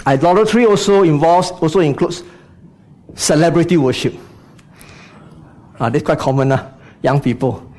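A man's voice: fairly high pitch, normal speed, long pauses, a little mellow. A man preaching a sermon, speaking to the congregation with frequent rhetorical questions and "you know" asides.

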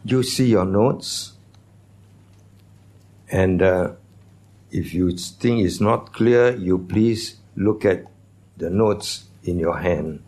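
Slow, low-voiced man preaching a sermon. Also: a little mellow. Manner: conversational teaching, asks the congregation questions. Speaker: pastor.

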